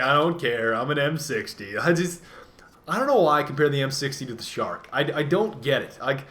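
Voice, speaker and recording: A man with a fairly high voice talks over his game footage, rambling from point to point. He keeps dropping jokes and playful self-mocking asides as he goes. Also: animated, normal speed, a bit bright. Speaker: gaming commentator. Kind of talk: casual gameplay commentary.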